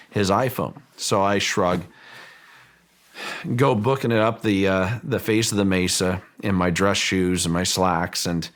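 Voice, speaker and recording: A middle-aged man, a property owner, recounting a personal story in an interview, halting and repeating words as he thinks. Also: low-pitched.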